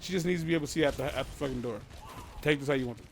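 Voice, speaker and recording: Racing along with vocal fry in his slightly high voice, a man co-hosts a podcast and casually tells a creepy tale, with a little hiss or hum in the recording. He swears, rambles, and keeps breaking off mid-thought.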